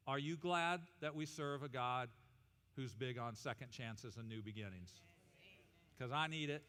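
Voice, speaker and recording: A male pastor preaching an animated, humorous sermon and leading the congregation in call-and-response. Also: medium pitch, a little slow, slight background noise. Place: church auditorium. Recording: reverberant church hall.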